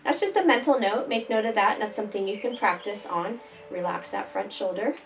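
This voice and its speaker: Woman yoga instructor, calm gentle cueing, voice a bit far from the mic, faint music behind. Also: medium pitch, a little fast. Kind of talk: guided exercise instruction. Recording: voice from a distance, faint background music.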